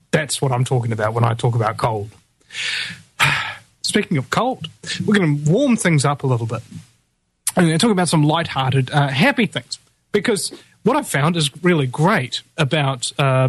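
A rambling radio host, talking in a fairly high voice full of "uh"s and restarts. The sound is very dry and close, with no room around it. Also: male voice, husky, no room sound. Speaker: radio talk show host. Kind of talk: casual live radio talk.

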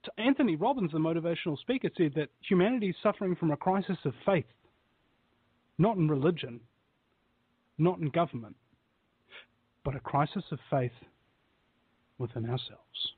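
A man speaking as a guest in a casual chat, motivational and animated, telling stories. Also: a little high, normal speed, pauses often, breathy edge, dry recording. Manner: motivational, animated storyteller who laughs at his own tales. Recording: tinny phone-like line.

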